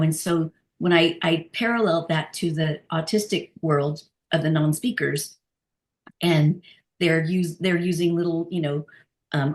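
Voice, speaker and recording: A woman in a discussion group telling a personal story in a casual, animated way, with fillers and restarts. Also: fairly low pitch. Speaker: group participant sharing a story.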